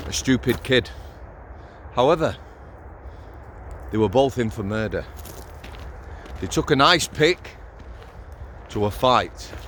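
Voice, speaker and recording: A man's voice: mid-range voice, a bit bright, a little hiss or hum. A middle-aged man, a former prison officer telling stories to his channel in a blunt, sweary, conversational way, outdoors. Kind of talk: casual vlog storytelling.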